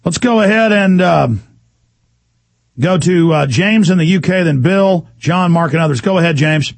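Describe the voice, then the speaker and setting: A man hosting a call-in radio show, ranting fast and indignantly and mocking officials in put-on voices. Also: high-pitched, vocal fry, no echo. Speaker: radio talk show host.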